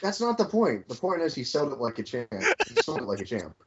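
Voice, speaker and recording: Excitable male co-host, low but lively pitch; dull podcast recording. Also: brisk. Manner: repeats openers, excitable, swears. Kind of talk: casual wrestling review chat.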